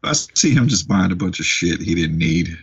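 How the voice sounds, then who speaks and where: A man's voice: sits low, expressive, normal speed, gravelly, breathy edge, lo-fi sound. A man co-hosting a podcast, dropping short, wry comments during a movie chat. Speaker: podcast co-host.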